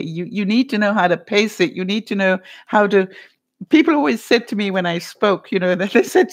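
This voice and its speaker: Woman, middle-aged, live-stream host, rambling casual chat, laughs often, lots of fillers. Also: mid-range voice. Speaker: vlogger hosting a live stream. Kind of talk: casual chat reading viewer comments.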